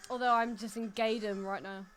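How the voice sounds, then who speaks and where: A woman's voice: a little high, fairly even intonation, moderate pace, faint music behind. A woman co-hosting a podcast in a studio on a professional mic, chiming in with playful, teasing quips. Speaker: podcast co-host. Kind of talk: casual podcast chat. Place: studio with a sound desk.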